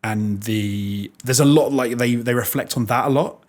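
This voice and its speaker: A man's voice: mid-range voice, normal speed, a little mellow. British man, casual chat, mid-range voice, frank, laughing. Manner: chatty and frank, with frequent laughs. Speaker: podcast host.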